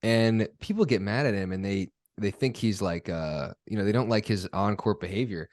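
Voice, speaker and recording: A young man hosting a podcast, chatting casually in a relaxed, rambling, self-deprecating way. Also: on the low side, normal speed, dry recording, studio quality. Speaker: podcast host and pro player.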